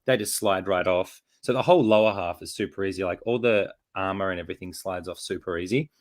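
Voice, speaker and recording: A man's voice: low-pitched, fast talker. A man hosting a casual chat while posing a figure, talking in a rambling way with many fillers and restarts, and getting over a chest infection. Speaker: host.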